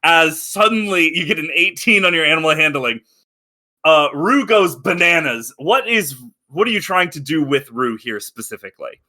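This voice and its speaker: A man narrates a tabletop role-playing game as the game master. His voice is very bright and sits fairly high, and he tells the scene with lots of fillers before jumping into loud, shouted voices for the guards. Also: animated, normal speed.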